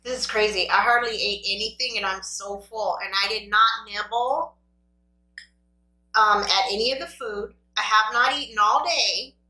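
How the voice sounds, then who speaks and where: A woman's voice: mid-range voice, moderate pace, pushed and bright, far from the mic. A woman hosting an eating video, chatting to her viewers in a rambling, self-deprecating way. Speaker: mukbang host. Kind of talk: casual chat while eating. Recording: echoey room.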